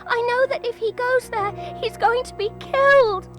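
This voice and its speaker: A woman's voice: extremely high pitch, a bit bright, faint music behind. A woman voicing a frightened little girl who pleads for help in a video game cutscene. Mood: worried. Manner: pleading, drawn-out.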